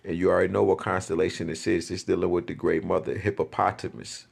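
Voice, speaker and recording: A man's voice: sits low, level tone, fast, gravelly. A man telling a spiritual experience in a rambling, profane, casual way, often repeating himself.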